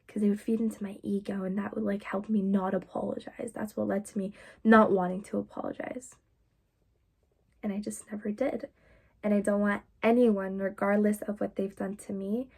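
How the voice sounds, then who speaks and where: A woman's voice: medium pitch, darkish tone, slightly rough. A young woman vlogger telling a personal story in a candid, confessional way, full of casual fillers.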